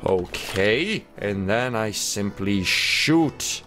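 A young man giving excited commentary on his own gameplay, sick with a headache, jumping into sudden high shouts. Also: drawn-out words, soft background music. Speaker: gaming YouTuber.

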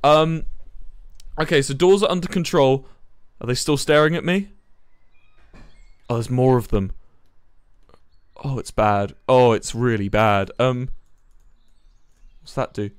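A young man, commentating a live game stream in a flustered, excitable way, swearing and laughing. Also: medium pitch, a little slow, long pauses, clear, resonant tone, no room sound. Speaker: livestreamer.

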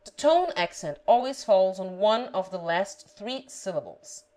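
A woman reading a grammar lesson aloud, pronouncing example words carefully and deliberately. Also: mid-range voice, expressive, darkish tone, poor audio. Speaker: language teacher.

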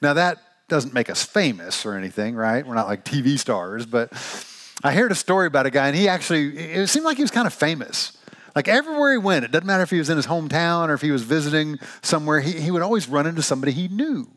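A man from Missouri preaching a sermon, telling a joke story with an animated, playful manner. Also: a little high, fast. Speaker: pastor.

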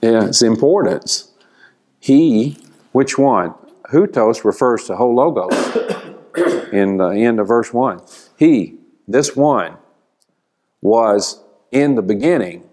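A man teaching a church Bible class, explaining slowly and asking the class questions. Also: medium pitch, expressive, a little mellow.

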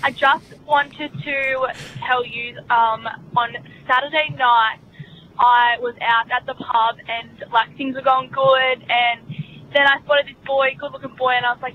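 A woman's voice: sits high, flat delivery, measured pace, muffled recording, a little hiss or hum. A young woman leaving a chatty voice message, telling a story in an exasperated tone. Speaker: caller.

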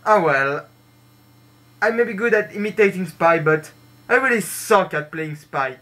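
Frenchman with a French accent, high bright voice, slow crude self-mocking rant. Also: lively intonation, rough recording. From France. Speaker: gaming vlogger.

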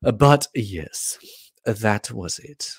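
A man's voice: on the low side, animated, very slow, husky, no echo, studio quality. A man hosting a podcast, talking in a casual, blunt and profane monologue. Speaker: podcast host.

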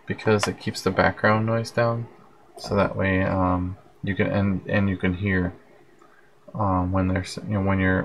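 Sounding tired, a man hosts a casual late-night live broadcast, rambling amiably and reading out comments from viewers. He has a low voice with vocal fry, and his headphone plug-in mic gives a rough recording with a little hiss or hum.

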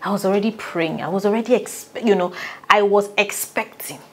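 A Nigerian woman, a relationship coach, telling a personal story in an animated way and often breaking into laughter. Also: mid-range voice, moderate pace, husky, soft background music.

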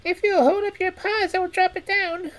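A woman voicing a timid, eager male rat in a read-aloud fairy tale, speaking in a trembling, high voice. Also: steady tone. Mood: helpful. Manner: trembling, quick, high-pitched.

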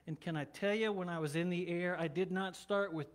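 Male pastor with a high-pitched voice, conversational sermon with light humor. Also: brisk. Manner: conversational, joking asides. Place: church.

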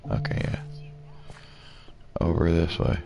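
A man's voice: deep voice, slow pace, gravelly. A man casually commenting on his gameplay in a laid-back way, muttering little sound effects to himself as he plays. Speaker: let's play gamer.

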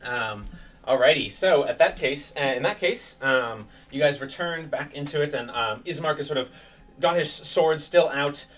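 A man narrating a tabletop game as game master, pausing often with fillers as he describes the scene. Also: a little high, a bit bright, recorded from a distance. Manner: hesitant, many fillers. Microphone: streaming setup.

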